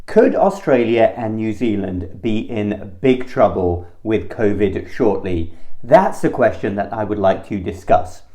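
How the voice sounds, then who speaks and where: A man who is an internal medicine physician, giving solo health commentary to camera in an earnest, measured, explanatory way. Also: on the low side, animated, mellow.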